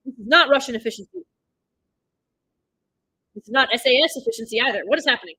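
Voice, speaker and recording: Excitable woman reacting to a film. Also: fairly high pitch, a little fast, pauses often, slightly rough, no echo, low-quality recording. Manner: excitable, blurts reactions and swears; recaps the plot in loose, rambling sentences. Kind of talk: live watch-party commentary.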